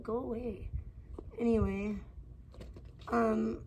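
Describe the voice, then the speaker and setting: A woman's voice: medium pitch, fairly even intonation, a little slow, noisy background. A woman livestreaming outdoors in the sun, rambling and gossiping in a casual, filler-heavy way.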